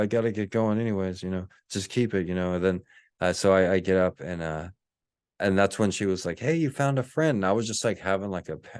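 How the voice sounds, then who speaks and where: Low-voiced man telling a rambling story. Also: darkish tone, smooth, no echo, studio quality. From Texas. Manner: rambling, many restarts and acted-out quotes. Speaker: podcast host. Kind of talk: casual storytelling monologue.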